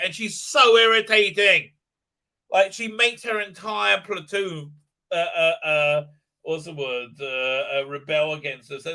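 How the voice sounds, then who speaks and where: A man's voice: on the high side, fairly even intonation, a little slow, bright, forceful tone, low-quality recording. A man hosting a livestream, ranting crudely and profanely, rambling with constant filler sounds. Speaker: channel host. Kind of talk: livestream commentary rant.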